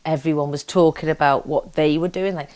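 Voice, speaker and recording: An actress, a guest speaking candidly in a casual interview with lively restarts. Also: female voice, deep voice, fairly quick. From Liverpool, England.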